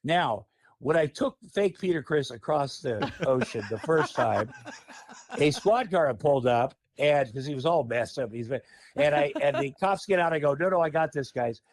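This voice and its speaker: A man telling a story on a podcast in a casual, animated, profane way. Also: medium pitch, moderate pace, no echo. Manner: animated, profane, laughing often. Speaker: podcast guest.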